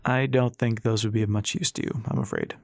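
Courteous elderly gentleman, dry wit, read by a male narrator, dry close sound. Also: fairly low pitch, steady tone, brisk, gravelly, dry recording.

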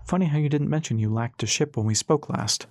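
A man voicing a genteel, formal gentleman with courtly phrasing and dry sarcasm. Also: medium pitch, a little fast, creaky, no echo, lightly acted. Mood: dryly courtly.

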